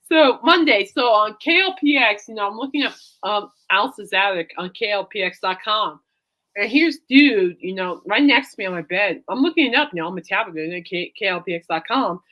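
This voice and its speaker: A woman's voice: mid-range voice, animated, normal speed, bright, forceful tone. A woman hosting a casual chat show, rambling and giggling as she tells everyday stories. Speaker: podcast host.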